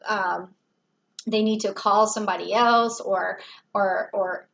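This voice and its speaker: A woman's voice: medium pitch, fairly even intonation, slow, gravelly, fairly bright tone, muffled recording, slight background noise. A woman giving a casual tarot reading, talking it through in a chatty way with fillers and small laughs. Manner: chatty, thinks aloud with fillers and little laughs. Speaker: tarot reader.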